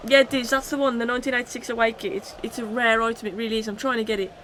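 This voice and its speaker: A woman hosts a live stream of a football video game. Her voice is bright and forceful. She chats casually with her viewers and yells at the match when it turns exciting. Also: a little high, very fast, slight background noise. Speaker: gaming streamer. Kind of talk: live game commentary and chat reading.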